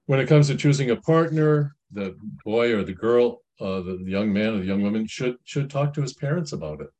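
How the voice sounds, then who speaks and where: A man's voice: medium pitch, expressive, a little fast, darkish tone, muffled recording. A middle-aged man giving informal Christian family counsel. He comments on a reading in a rambling, folksy way, with many restarts and asides.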